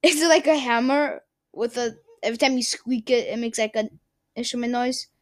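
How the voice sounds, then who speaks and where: A young woman chats casually to her viewers. Her voice sits a little high, and she rambles, giggles and stumbles over unfamiliar words. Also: normal speed. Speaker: vlogger.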